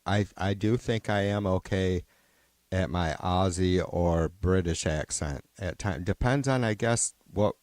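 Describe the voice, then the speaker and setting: Man, low voice, close dry mic, casual livestream talk, swears a lot, rambles. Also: unhurried, a little mellow, dry recording. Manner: rambling and profane, with many restarts and trailing-off sentences. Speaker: livestream host. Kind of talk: casual unscripted stream chat.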